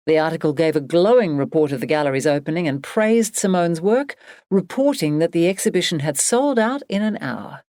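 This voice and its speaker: A woman narrating an audiobook in a measured, expressive reading. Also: deep voice, dry recording, clean studio sound. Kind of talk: scripted narration.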